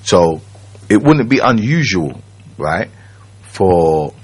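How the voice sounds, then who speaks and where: A man, telling his own story as a radio guest in a slow, reflective way, often checking that the listener follows. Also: deep voice, very animated, husky. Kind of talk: personal storytelling. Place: radio studio.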